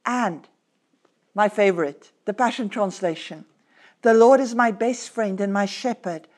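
A woman pastor, preaching a podcast sermon and reading scripture in an earnest, emphatic way that slows down to stress words. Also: mid-range voice, darkish tone.

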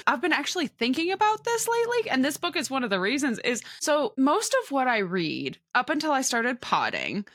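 A woman co-hosting a book podcast in casual, animated chat, swearing and saying "like" often. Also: high voice, a little fast, hardly any pauses, no room sound, clean studio sound. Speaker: podcast co-host.

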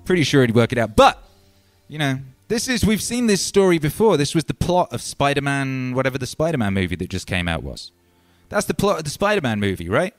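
A man hosting a casual livestream, talking animatedly and swinging from loud shouts to low mutters. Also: very animated, brisk, soft background music. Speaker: livestream host and musician.

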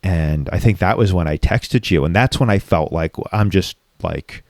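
Male guest, low register, confessional and profane, dry close-miked sound. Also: moderate pace, no room sound. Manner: raw, reflective, frequently profane. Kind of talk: candid personal storytelling in conversation.

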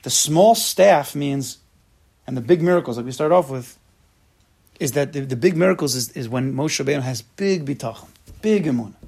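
A man's voice: medium pitch, moderate pace, vocal fry, breathy edge. A man teaching an informal religious class, talking straight to his listeners and acting out the people in his stories. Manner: lively, acts out quotes, talks to the class.

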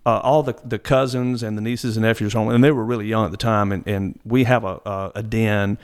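A man's voice: lowish voice, steady tone, fairly quick, smooth. A middle-aged man from Mississippi, telling stories as a guest, rambling with frequent restarts. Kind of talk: casual storytelling.

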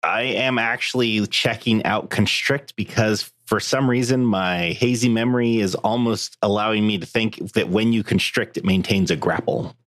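Low voiced guy double checking the rules, slow and careful. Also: steady tone, a bit bright, dry recording. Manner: deliberate, careful about rules. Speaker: player. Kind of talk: casual tabletop game play.

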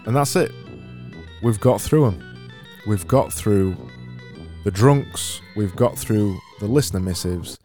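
On his casual solo podcast, a Yorkshire man reads out listener messages with dry sarcasm, rambling as he goes. His fairly low, dark-toned voice takes things slowly, with frequent pauses, over soft background music. He uses a studio mic and mixer.

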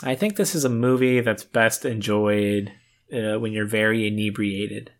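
A man's voice: fairly low pitch, a little slow. A young adult man co-hosting a podcast, chatting in a laid-back, joking way about a film. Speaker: podcast co-host. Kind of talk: casual film chat.

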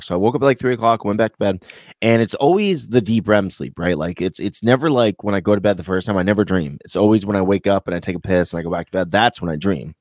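A man's voice: lowish voice, darkish tone, no room sound, clean studio sound. A man from the United States chatting casually as a podcast host, rambling, filling his talk with "like" and swearing freely. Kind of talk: casual chat.

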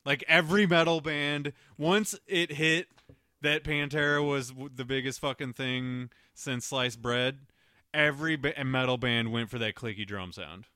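A man's voice: mid-range voice, measured pace, pushed and bright, smooth, no room sound, clean studio sound. A man co-hosting a casual podcast about metal albums, blunt, opinionated and profane. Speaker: podcast co-host.

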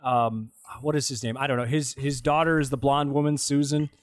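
A man co-hosts a casual movie-review podcast, talking fairly quickly at a medium pitch. He's animated and mocking, joking around and acting out lines from the film. The audio is studio quality with no echo.

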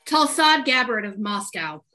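A woman co-hosting a casual podcast panel, throwing in quick reactive quips and laughing agreement. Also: fairly high pitch, sing-song, bright, forceful tone, a little hiss or hum. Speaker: podcast co-host.

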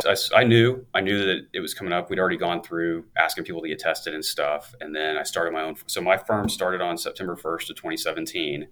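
A man in his thirties who owns a law firm tells his story as a guest on an interview show, upbeat and chatty with an occasional laugh. He has a bass voice with a fairly bright tone.

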